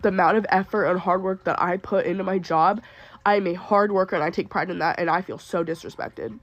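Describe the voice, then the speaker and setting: A woman's voice: fairly low pitch, fairly even intonation, brisk, muffled recording. A young adult woman who works retail tells a storytime in exasperated, ranting bursts, sick and upset. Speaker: retail worker. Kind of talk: storytime venting video.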